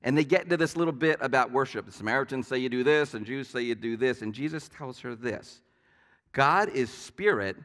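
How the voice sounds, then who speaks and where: A male pastor delivers a conversational sermon in a mid-pitched voice, weaving stories and asides into his preaching. The sound carries a long church-hall reverb. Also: fairly quick, fairly bright tone. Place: church sanctuary.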